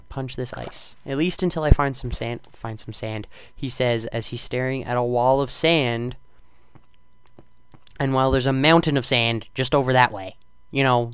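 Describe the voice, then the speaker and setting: A teenage boy casually commentating his own gameplay, rambling and self-deprecating, with sudden loud outbursts. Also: mid-range voice, clean tone, no room sound. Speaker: gaming channel host.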